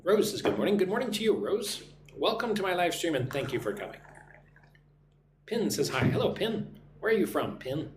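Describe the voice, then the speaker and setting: Sing-song and high, the voice belongs to an American man teaching English live online at a normal speed. He greets viewers by name and drills phrases they repeat, recorded amid echo and a faint hum.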